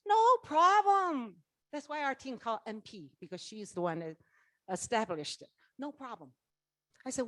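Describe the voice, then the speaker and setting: Middle-aged woman, animated motivational speaker on a stage mic, dry sound. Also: fairly high pitch, dry recording. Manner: animated storytelling, acts out dialogue, asks the audience questions. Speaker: network marketing leader giving a keynote. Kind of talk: motivational speech. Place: conference stage.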